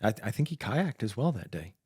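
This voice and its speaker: A man co-hosting a podcast about emergency medical work, telling stories with dark jokes and laughing often. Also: on the low side, big pitch swings, fairly quick, slightly rough, dry recording, clean studio sound. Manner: joking, laughs at his own dark humor. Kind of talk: casual chat.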